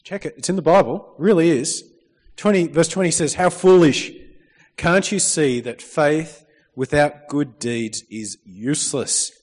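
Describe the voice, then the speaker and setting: A man's voice: on the high side, unhurried. A man preaching a sermon in a church, reading scripture and calling out for amens from the congregation. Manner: lively, calls out for amens, reads scripture. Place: church hall. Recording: long reverb of a church hall.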